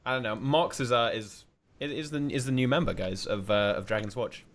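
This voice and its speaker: A man's voice: medium pitch, a little fast. A man co-hosting a casual panel chat, chiming in with short jokes and quips. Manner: joking, chimes in with short quips. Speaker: co-host. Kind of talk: casual panel chat about a video game.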